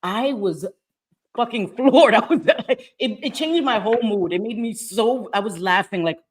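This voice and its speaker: A woman hosting a livestream in casual chat, brash, profane and animated. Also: mid-range voice, normal speed, slight background noise. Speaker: livestream host. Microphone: streaming mic.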